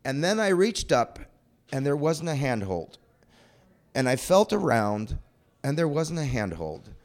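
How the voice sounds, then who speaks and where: Lively man telling a personal story. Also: mid-range voice, a little slow. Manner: animated, breathless retelling. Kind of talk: personal anecdote told aloud.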